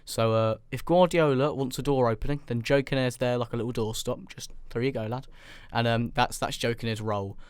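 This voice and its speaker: A man's voice: medium pitch, a little fast, few pauses, smooth, no echo. A man co-hosting a podcast, chatting about football in a joking, rambling way with lots of fillers. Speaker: podcast co-host. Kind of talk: casual football chat.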